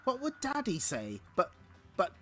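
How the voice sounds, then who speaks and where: A man's voice: sits high, wildly swooping pitch, unhurried, sharp tone, pitched above the performer's own voice, full character voice. A man voicing a bossy, lovesick demon woman from hell, brash and domineering.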